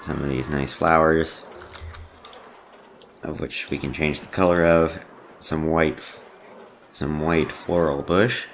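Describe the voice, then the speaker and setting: A man with a very low, gravelly voice rambles through casual game commentary, full of ums and self-deprecating asides. Faint background noise and keyboard typing sit under his talk. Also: steady tone, slow pace, pauses often. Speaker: let's play host.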